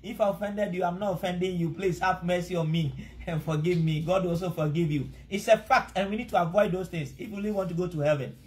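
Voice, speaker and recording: A man's voice: sits high, fairly even intonation, fast, hardly any pauses, darkish tone. A man with a Ghanaian accent preaching a sermon, earnest and exhorting, pleading with his listeners. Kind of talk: sermon mixing Twi and English.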